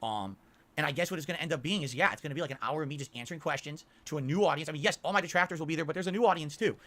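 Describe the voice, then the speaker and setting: A male streamer speaks with a high, bright voice at a fast clip. He sounds aggrieved and self-pitying as he complains to his audience. The delivery is defensive throughout.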